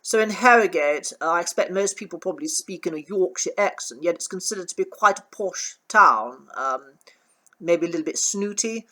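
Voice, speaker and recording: Bright-voiced posh English coach. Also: male voice, high-pitched, lively intonation. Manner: measured, hesitant with frequent ums and uhs. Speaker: accent coach. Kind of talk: relaxed talking-head commentary. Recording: uneven, poor sound quality in parts.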